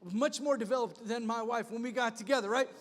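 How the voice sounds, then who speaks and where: High-voiced animated preaching pastor, man. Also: a little fast. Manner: animated, punchy preaching with repeated refrains. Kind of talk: sermon. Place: church sanctuary. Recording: long reverb of a church hall.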